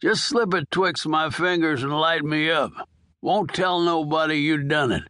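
A man's voice: on the high side, measured pace, a bit bright, no room sound, studio quality. A man voicing a dying, foul-mouthed old male prisoner with a coarse drawl. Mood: demanding. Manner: coarse, drawling, wheedling then demanding.

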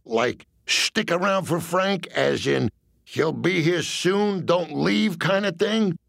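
A man voicing a blunt, suspicious male mob associate in a comic audiobook story, asking slow, probing questions. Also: fairly high pitch, vocal fry, a bit bright, dry recording, clean studio sound, pitched above the performer's own voice, heavily acted.

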